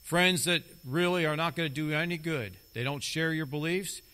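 A man's voice: fairly high pitch, normal speed, bright, forceful tone. A middle-aged man preaching a sermon as a lay preacher, talking emphatically and repeating key phrases for stress.

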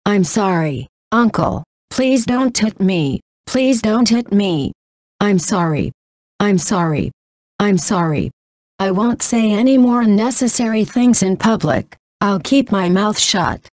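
A woman voicing a frightened, submissive young girl who pleads and apologizes, a little lower than her narration. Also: expressive, slow pace, a little mellow, dry recording, studio quality. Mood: pleading.

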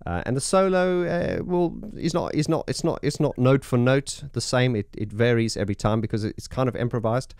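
A man's voice: mid-range voice, expressive, normal speed, few pauses, darkish tone, clear, resonant tone, no echo, clean studio sound. A man with an early morning voice, a keyboard player walking through his setup in a casual, enthusiastic, rambling way. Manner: enthusiastic, rambling, many fillers. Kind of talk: casual demo talk.

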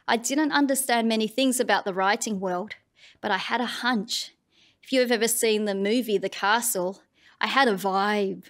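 An Australian woman gives a public address as a writer, with a slightly high voice. Her delivery is wry and conversational, with pointed asides. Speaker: writer giving an annual address.

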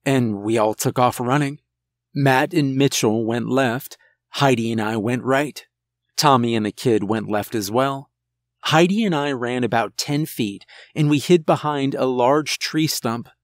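Male horror narrator, slow unhurried delivery, close dry sound, soft music behind. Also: medium pitch, dry recording. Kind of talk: first-person horror story narration. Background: faint music.

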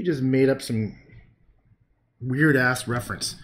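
A man's voice: mid-range voice, unhurried. A man casually chatting with his viewers while painting on a livestream, joking and cursing and laughing at his own jokes. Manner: joking, profane, talks to viewers' comments.

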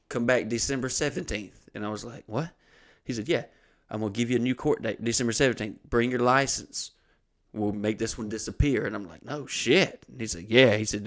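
A man, hosting a comedy podcast and telling a long story, swearing freely and acting out the other people in it. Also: on the low side. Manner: profane, animated storytelling with acted-out voices. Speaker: comedian host.

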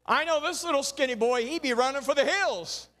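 High-voiced folksy male pastor preaching. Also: fairly quick, pushed and bright. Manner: folksy preaching with rhythmic repeated refrains. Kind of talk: sermon.

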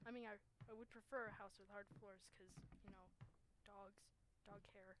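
A woman's voice: fairly high pitch, fairly even intonation, fairly quick, a little hiss or hum, low-quality recording. A woman playing a horror game at home, nervous and jumpy, talking through her fear with shaky laughs. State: shaking, frightened. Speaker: gamer. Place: home gaming setup.

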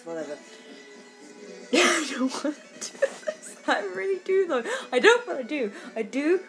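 A woman doing casual let's-play commentary, rambling and giggly, with lots of fillers and casual swearing. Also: on the high side.

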